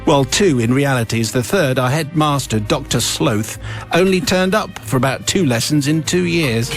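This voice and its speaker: A radio host reading a listener's confession aloud, with wry, theatrical storytelling and dry asides. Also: male voice, medium pitch, moderate pace, faint music behind. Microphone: studio microphone.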